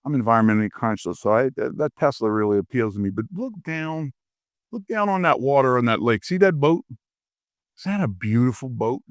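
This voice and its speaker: Animated middle-aged man giving a keynote. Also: medium pitch, normal speed, no echo, clean studio sound. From Louisiana. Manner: lively storyteller, acts out quoted voices. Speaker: keynote speaker. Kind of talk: animated leadership keynote with humor. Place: conference stage.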